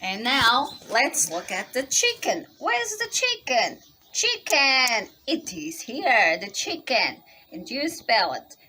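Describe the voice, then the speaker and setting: A woman teaching English to young children, quizzing them in a slow, exaggerated teacherly way. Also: fairly high pitch, big pitch swings, pushed and bright, a little hiss or hum. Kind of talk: slow, sing-song spelling lesson for young children.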